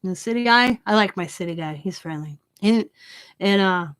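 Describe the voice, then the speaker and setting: A middle-aged woman telling a long story with blunt, animated delivery and casual swearing. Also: mid-range voice, normal speed. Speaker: craft channel host. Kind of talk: casual storytelling while crafting.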